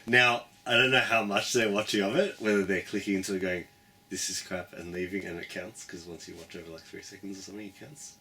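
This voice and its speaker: A man's voice: low-pitched, fairly even intonation, quick pace, pushed and bright. A young man co-hosting a casual chat, joking and laughing often. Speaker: co-host.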